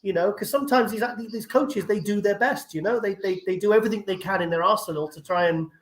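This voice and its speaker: Fast, high-voiced man in an echoey room. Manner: animated, chatty, quick to joke. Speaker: co-host of a bodybuilding watch party. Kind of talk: casual live-stream chat. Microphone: remote call setup. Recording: echoey room with faint noise.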